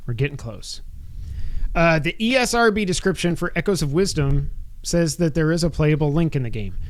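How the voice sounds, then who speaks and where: Man, podcast co-host, gaming news chat, wry and opinionated, slightly higher voice. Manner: wry, opinionated, reads news items then riffs.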